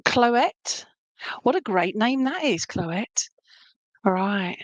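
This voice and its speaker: A woman's voice: medium pitch, lively intonation, takes it slowly, no room sound. A chatty woman with an Essex accent hosts a live stream as a medium, greeting viewers and easing into readings with plenty of ums and restarts. Her voice sits in a middle range and is recorded close and dry, with no room sound around it. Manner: chatty, many fillers and restarts, reads viewer comments aloud.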